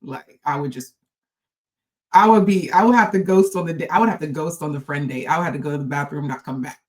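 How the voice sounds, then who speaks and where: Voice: medium pitch, fast talker. A reaction video host commenting casually to viewers, chatty and loose. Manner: talks straight to viewers, chatty, trails off and restarts.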